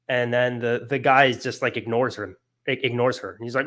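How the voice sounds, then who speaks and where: An earnest young man gives a loose, conversational lecture. His voice sits at an ordinary middle pitch, and he piles up fillers and restarts as the ideas carry him along. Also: fairly even intonation, brisk, few pauses, fairly bright tone. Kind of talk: casual lecture on philosophy.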